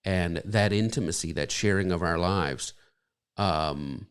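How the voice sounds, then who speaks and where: Low-voiced man rambling warmly at home. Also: measured pace, clear, resonant tone. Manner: rambling, emotional, many fillers. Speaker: pastor and podcast co-host. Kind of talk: casual live-stream chat. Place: home bedroom.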